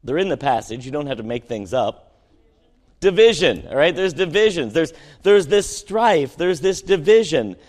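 A man preaching a sermon to his congregation, asking them questions and swinging between emphatic peaks and quiet conversational asides. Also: a little high, animated, normal speed. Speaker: pastor. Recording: long hall reverb.

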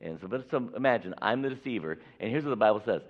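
A man's voice: on the low side, expressive, quick pace. A man preaching a sermon from a church pulpit, talking emphatically and acting out the people in a Bible story. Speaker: pastor. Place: church sanctuary. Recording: echoey hall, dull lo-fi audio.

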